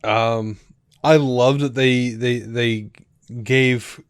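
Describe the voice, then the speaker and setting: Man, podcast co-host, casual chat, rambling, lots of fillers, middle pitch, dry close sound. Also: extremely slow, smooth, dry recording. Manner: rambling, full of fillers and restarts; animated retelling that acts out quoted lines.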